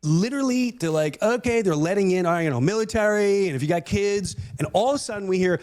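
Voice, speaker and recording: A man's voice: high voice, fast talker. A man with a Long Island accent telling a comic story, acting out each voice and trailing off as he goes. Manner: acts out every voice, keeps trailing off, voice gets louder when he acts angry. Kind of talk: animated comedic storytelling on a podcast.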